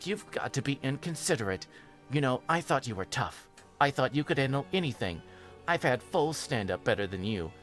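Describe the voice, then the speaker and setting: A man's voice: mid-range voice, sing-song, moderate pace, a bit bright, soft background music. A man voicing a petulant, sadistic female pink pony in a dramatic reading, whiny and scolding. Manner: whiny, scolding, sing-song. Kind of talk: dramatic reading of fan fiction.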